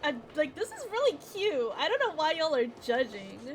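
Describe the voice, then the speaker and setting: A woman's voice: sits high, huge pitch swings, normal speed, a little hiss or hum. A woman streamer giving casual, gushing, giggly gameplay commentary and chatting with her viewers.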